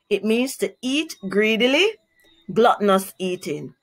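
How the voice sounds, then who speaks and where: A woman teacher with a Jamaican accent who reads a children's story aloud and then explains words clearly and carefully. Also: fairly high pitch, expressive, unhurried, fairly bright tone. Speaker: primary school teacher. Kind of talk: children's read-aloud and vocabulary lesson.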